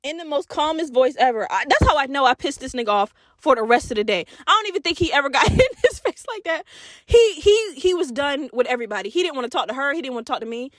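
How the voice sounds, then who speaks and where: A woman hosting a podcast, telling a story in a casual, animated and profane way, laughing and acting out voices. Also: sits high, fast talker, hardly any pauses, no room sound, studio quality. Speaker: podcast host.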